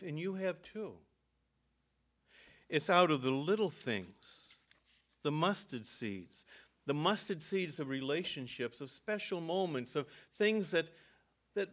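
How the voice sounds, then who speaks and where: An older man, a pastor, telling a personal story in an earnest sermon with halting restarts. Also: on the high side, animated.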